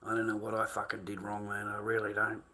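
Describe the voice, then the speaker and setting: A man's voice: fairly low pitch, monotone, quick pace, sharp tone. A middle-aged Australian man ranting to his livestream chat, swearing constantly and calling viewers mate and boys.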